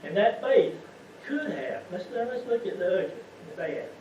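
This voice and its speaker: This lay preacher's voice is high-pitched and sing-song at normal speed as he delivers a folksy sermon full of rhetorical questions to the congregation. The church recording is distant, echoey, and muffled, with a noisy background.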